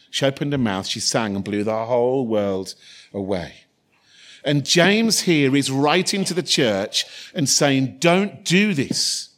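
A man's voice: mid-range voice, a bit bright. A man preaching a sermon, informal with joking asides and repeated phrases.

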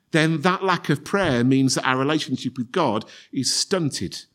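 A man preaching a sermon in an earnest tone, repeating phrases for emphasis and acting out quoted prayers. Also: fairly high pitch.

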